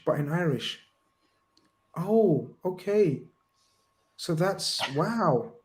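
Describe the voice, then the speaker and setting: A man co-hosting a casual live stream, reading viewer messages and bantering in a playful, animated way. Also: a little high, extremely slow, pauses often.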